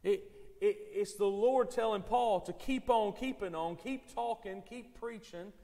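A male pastor preaches to his congregation with earnest conviction, often doubling back on his words before pressing on. His voice sits high for a man. The church around him rings with a long reverb. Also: measured pace, warm tone. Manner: earnest, repeats words when starting phrases. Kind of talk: sermon. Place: church sanctuary.

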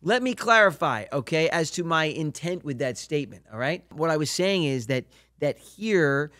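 A man's voice: fairly high pitch, lively intonation, normal speed, fairly bright tone, dry recording, clean studio sound. A man co-hosting a podcast, chatting casually and insisting on clarifying his point. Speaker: podcast co-host. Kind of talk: casual chat.

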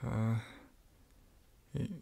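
A man in a whispered role-play, speaking gently and reassuringly as a supportive roommate. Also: drawn-out words. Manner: gentle, reassuring, soft-spoken. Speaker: ASMR roleplayer.

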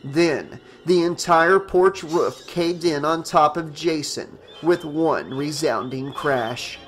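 A man with a somewhat high voice reads a horror novel aloud in a steady, storytelling manner. Soft music plays faintly beneath his narration. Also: takes it slowly. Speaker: audiobook narrator.

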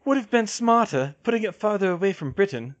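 A man lifts his voice high to play a bright, excitable teenage witch girl. She talks eagerly and a little breathlessly, like a quick know-it-all, with her voice pitched well above an everyday man's. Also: muffled recording.

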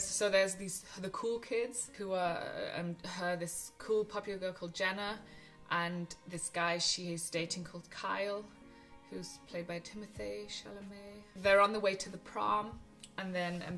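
A young woman chats about films she loved, gushing and full of little ums and restarts. Her voice is bright and clear, with a touch of soft music underneath. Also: mid-range voice. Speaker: film vlogger. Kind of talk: casual film recommendations to camera.

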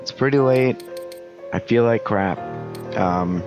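A man's voice: fairly low pitch, takes it slowly, lo-fi sound, music in the background. A tired young man with a sore throat, talking through a video game in late-night commentary, groggy and joking at his own expense. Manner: tired, groggy, self-mocking. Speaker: gameplay commentator.

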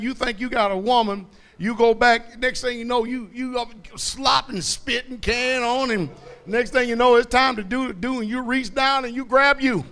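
A high-pitched male pastor delivering a sermon in a blunt, colloquial way. He keeps asking his congregation to finish verses and climbs to loud, emphatic preaching. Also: steady tone, moderate pace.

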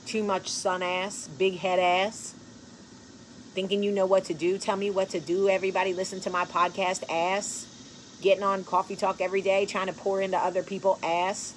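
A woman in her forties hosting a casual chat to camera. She is blunt, profane and joking, laughs often, and swings from hushed earnest talk to loud animated bursts. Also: medium pitch, moderate pace, slight background noise, rough recording. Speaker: show host.

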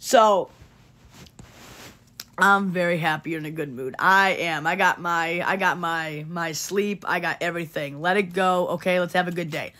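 She speaks at a normal speed in a lowish voice that's bright and forceful. Livestreaming to her chat, she earnestly and casually tells viewers to disregard online hate, repeating herself and reassuring them with frequent "okay?"s.

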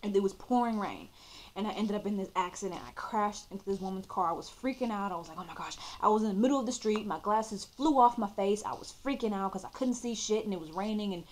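A woman in her twenties, a YouTuber, telling her own story to the camera in a casual, expressive way and calling her viewers "y'all". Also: medium pitch, fast talker, slight background noise.

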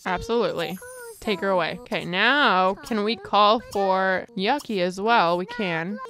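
A young woman streams herself playing a life-sim game, reacting with exasperation and drama and cursing mildly along the way. Her medium-pitched voice moves at a measured pace.

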